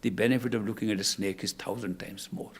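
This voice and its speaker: A man doing a wise newborn boy, low and quiet. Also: fairly even intonation, fast talker, husky. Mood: solemn. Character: newborn boy speaking with ancient wisdom.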